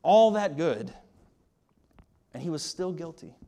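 Emphatic preacher man, slightly high voice. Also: expressive, slow, dark tone. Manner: emphatic, with rising and falling emphasis and rhetorical questions; repeats words at the start of phrases. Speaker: pastor. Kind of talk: sermon.

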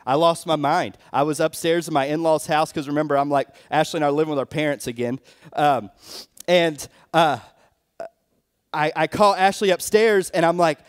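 Young male pastor, slightly high voice, casual sermon testimony, lots of filler words. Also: unhurried. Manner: conversational storytelling with many fillers.

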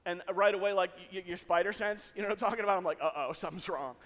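Brief: male preacher, light high voice, lively storyteller, echoey church hall. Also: rapid-fire. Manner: animated, jokey, talks to the congregation. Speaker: pastor. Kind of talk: sermon storytelling.

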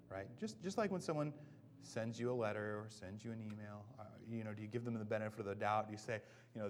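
A man in his thirties, a pastor giving a relaxed, conversational sermon, often checking in with "right?" and joking at his own expense. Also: fairly low pitch, fast, a little hiss or hum. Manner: casual, self-deprecating, often asks "right?".

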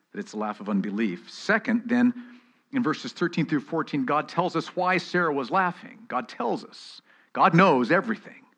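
Emphatic male preacher at mid pitch. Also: a bit bright. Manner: emphatic, asks the listeners rhetorical questions; reads scripture aloud slowly and solemnly. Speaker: pastor. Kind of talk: expository sermon with Bible reading.

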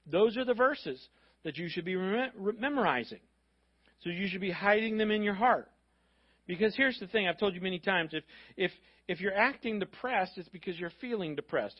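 Man, pastor, sermon, conversational, repeats phrases for emphasis, fairly high voice, dull lo-fi recording. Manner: conversational preaching with quick asides and repetitions. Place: church sanctuary. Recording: dull lo-fi sound.

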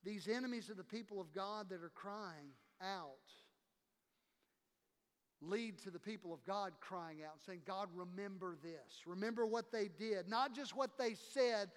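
A pastor gives a sermon with impassioned emphasis, his voice sitting very high for a man. He acts out the people he quotes, and his words ring through a long, reverberant church hall. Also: unhurried.

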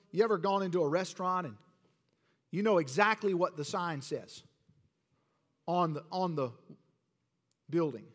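A pastor, this man preaches with a high voice that climbs as his fervor builds, mixing scripture with easygoing asides. His sermon rings out with a long reverb from the church sanctuary.

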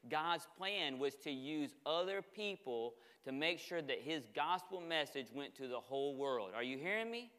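A man preaching from the pulpit with a bright, slightly high voice. He tells the story with energy and plays out the dialogue himself. His words ring out in the long reverb of a big church hall. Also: normal speed, hardly any pauses, clear, resonant tone. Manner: animated storytelling, acts out dialogue. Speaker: pastor. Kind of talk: sermon. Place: church sanctuary.

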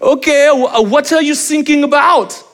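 A man voicing a clueless male German coast guard radio operator in a high put-on voice. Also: normal speed, a bit bright, slight background noise. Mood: mock official. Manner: high put-on voice, mishearing the call.

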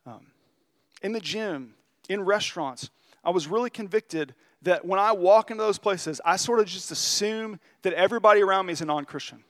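A man preaches in a relaxed, conversational way, his voice sitting a little higher than most men's. He is earnest and confessional in tone, and he slows down to lean on the key lines of a story. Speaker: pastor. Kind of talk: conversational sermon.

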